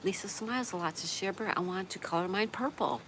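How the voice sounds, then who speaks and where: A woman's voice: medium pitch, a little fast, fairly bright tone, poor audio. A woman hosting a casual livestream, reading viewer comments aloud and chatting back with a laugh. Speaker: livestream host reading chat. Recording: noticeable background noise.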